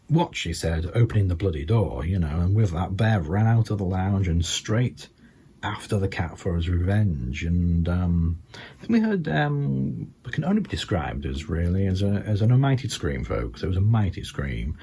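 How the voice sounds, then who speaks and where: An older man with a Scouse accent doing deadpan stand-up storytelling, halting with many ums and you-knows. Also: sits low, breathy edge. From England. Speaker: stand-up comedian.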